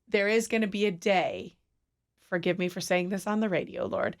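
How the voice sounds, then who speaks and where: A woman from a city mission appears as a guest on a radio show, talking candidly and laughing at herself in casual chat picked up by a studio microphone. Her mid-range voice is expressive, and she speaks at a normal speed.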